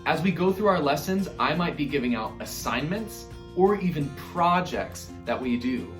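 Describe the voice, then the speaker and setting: Speaking directly to a class of young children, a man leads an online music lesson full of upbeat encouragement. His fairly high voice is animated and moderately paced, with a reverberant sound.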